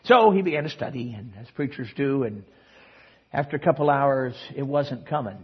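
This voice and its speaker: A man preaching a sermon, telling a story with sudden swings between soft and loud passages, in front of a congregation. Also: medium pitch, animated, moderate pace, breathy edge, highs cut off. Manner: storytelling with dramatic swings in loudness and pace. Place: church service.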